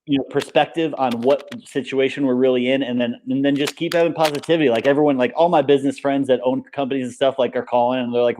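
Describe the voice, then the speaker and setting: A man's voice: medium pitch, level tone, fast talker, hardly any pauses, darkish tone, a little hiss or hum. Upbeat rambling man in casual chat. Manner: rambling and upbeat, many fillers like "like" and "you know". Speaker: interview guest, paintball coach and business owner.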